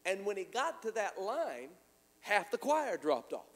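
A man's voice: high-pitched, unhurried, long reverb tail. A man preaching a sermon, telling a story and acting out the dialogue, often repeating words as he goes. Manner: animated, repeats words, acts out quoted dialogue.

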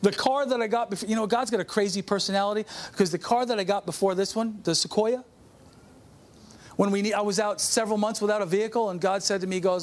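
Middle-aged male pastor with a high voice, preaching a conversational testimony sermon. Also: fairly even intonation, quick pace. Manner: conversational, calls out to the congregation.

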